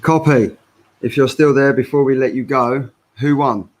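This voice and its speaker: A man's voice: medium pitch, steady tone, moderate pace. A man hosting a casual live stream, keeping the group on schedule and calling out names. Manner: keeps the group on schedule, repeats names to call in guests. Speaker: stream host.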